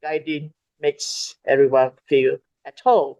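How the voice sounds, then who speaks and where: A woman's voice: extremely low pitch, level tone, takes it slowly, mellow, no echo. A woman hosting an online youth meeting, chatty and prompting each speaker in turn, on a video call. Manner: chatty, prompting speakers, mixing in Malay words. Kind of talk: casual moderating of a video call.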